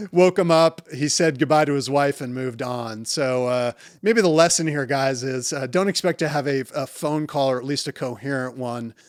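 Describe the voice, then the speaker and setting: A man's voice: fairly high pitch, no room sound, clean studio sound. A middle-aged man, a urologist, telling funny stories from his clinic in a casual, candid way and laughing as he goes. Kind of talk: storytelling to camera.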